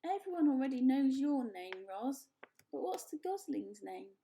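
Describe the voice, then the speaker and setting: Old mother goose, brisk and bossy, slightly raised, gravelly edge, read by a woman. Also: high voice, sing-song, dark tone, slight background noise, exaggerated voice. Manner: brisk, scolding and matter-of-fact.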